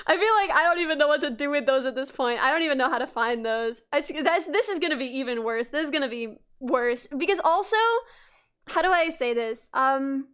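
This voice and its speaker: Young woman streamer, high voice, loose rambling chat to viewers, lots of ums and self-restarts, laughs easily. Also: normal speed, fairly bright tone. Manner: chatty and rambling, frequent restarts and fillers, laughs often. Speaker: livestreamer.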